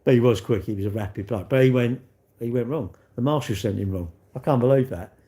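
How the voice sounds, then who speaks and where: A man's voice: medium pitch, brisk, warm tone. A man hosting a live stream, chatting in a rambling, self-mocking way and answering viewers.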